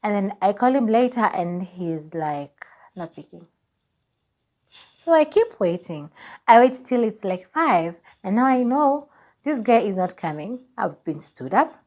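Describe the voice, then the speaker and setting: A young Kenyan woman in her twenties telling a personal story on her vlog, lively and laughing as she acts out what people said. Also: medium pitch, unhurried. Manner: animated, laughing, acts out dialogue. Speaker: vlogger.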